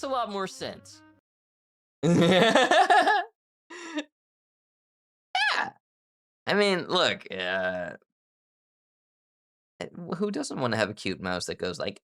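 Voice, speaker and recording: Animated, giggly woman streamer. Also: lowish voice, very slow, long pauses. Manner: playful, giggly, flustered protesting. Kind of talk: casual live-stream chat.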